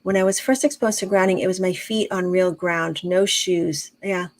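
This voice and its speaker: Calm middle-aged woman, low-pitched. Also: moderate pace, rough recording. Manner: calm, explains with long examples, many fillers and restarts. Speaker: guest, intuitive medium and teacher. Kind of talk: casual interview chat.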